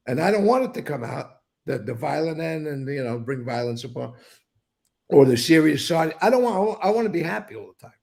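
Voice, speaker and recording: Gravelly older New man, blunt. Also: a little high, expressive, a little fast, a little mellow. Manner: rambling, blunt, swears freely. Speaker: interview guest. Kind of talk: casual storytelling interview.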